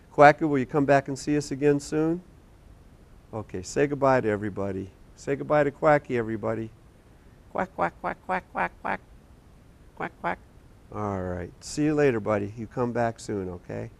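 A man hosting a children's TV show, talking gently and patiently to young kids and a puppet in a studio. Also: on the low side, vocal fry. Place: community TV studio.

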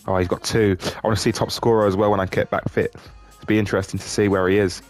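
A man commentating on his own football game, swearing a lot and swinging between glum muttering and excited shouting. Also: lowish voice, fast, faint music behind. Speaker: gaming YouTuber.

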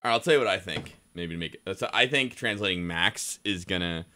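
A man's voice: deep voice, a little fast, sharp tone. A man casually commenting on a game he is streaming, joking and swearing freely. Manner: joking, profane, laughs often.

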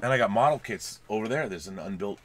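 In a home studio lined with collectibles, a male podcast co-host jokes his way through a casual film chat and reads viewers' super chats aloud. His voice sits on the low side and sounds a bit bright, with lively intonation and a fast delivery. A faint hiss or hum runs underneath.

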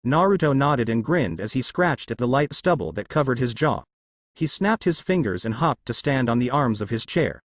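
Man reading a story in lively tones. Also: mid-range voice, moderate pace, dry recording, studio quality. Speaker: narrator. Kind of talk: reading fan fiction aloud.

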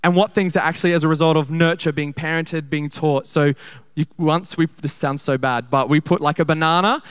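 A young man preaching a sermon at a church service, talking conversationally in quick bursts and slowing down to read scripture. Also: fairly high pitch, fairly even intonation, clear, resonant tone.

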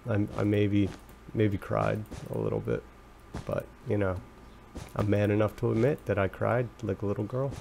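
A young man casually commenting on a game he is playing, rambling and excitable, breaking into high squeals when startled. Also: normal speed, creaky, a little hiss or hum. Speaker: let's play commentator.

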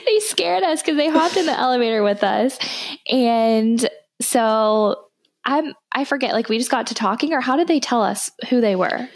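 A woman's voice: fairly high pitch, lively intonation, normal speed. A young woman co-hosting a podcast in casual chat, giggling often as she tells the story. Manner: giggly, laughs often while telling the story. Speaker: podcast co-host.

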